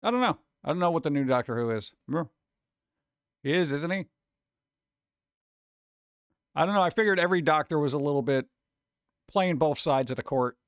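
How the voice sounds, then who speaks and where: A man's voice: a little high, lively intonation, fast, dry recording, clean studio sound. A man chatting casually with viewers on a live stream, rambling, humming and scatting to himself, his throat a little sore.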